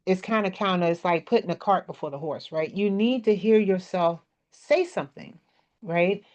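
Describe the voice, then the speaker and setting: Her voice is medium-pitched and a little mellow, with a slight country twang from around Maryland. A business speaking presenter, she gives a casual workshop talk in a chatty, coaching style, checking in with listeners through "okay? right?" She's indoors at a computer, using a desk mic and webcam, and the sound is dull and lo-fi.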